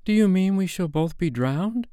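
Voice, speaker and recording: A gentle young girl with a high, soft voice, as a male narrator lifts his voice well above his own. She sounds anxious yet brave. The read is close and dry. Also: sing-song, moderate pace, smooth, no echo.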